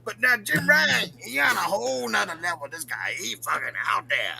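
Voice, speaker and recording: A man playing a crude, foul-mouthed loudmouth who shouts boastful rants in a dry, gravelly voice for a comedy podcast bit. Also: sits high, very animated, normal speed, slight background noise, full character voice. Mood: ranting. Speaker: regular show character answering questions.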